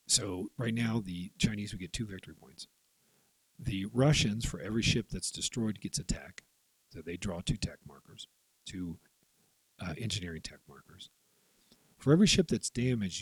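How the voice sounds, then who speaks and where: Low husky man explaining a board game. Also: darkish tone, dry recording, low-quality recording. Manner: explains step by step, voices players' moves in quick asides. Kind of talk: tabletop game rules walkthrough.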